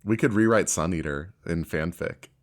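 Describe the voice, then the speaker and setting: A young man with a very low, deep voice co-hosts a casual podcast. He reads silly passages aloud in a deadpan, mock-dramatic way and often laughs. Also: moderate pace. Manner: laughs while reading, deadpan dramatic delivery. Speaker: podcast co-host. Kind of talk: casual podcast chat, reading fanfic aloud.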